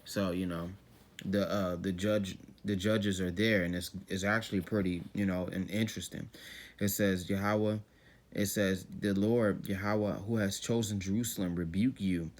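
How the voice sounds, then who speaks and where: A man with a fairly low voice teaches scripture as casual talk. He reads a verse, then unpacks it in relaxed street slang and keeps checking in with his listeners. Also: moderate pace. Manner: loose and conversational, reading verses then explaining them in slang; often repeats "you know what I'm saying".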